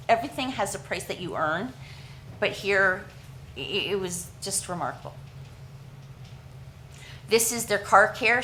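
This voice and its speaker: A woman from Canada giving an earnest, halting presentation at a council meeting, with frequent restarts and fillers. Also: mid-range voice, a bit bright, a little hiss or hum, low-quality recording.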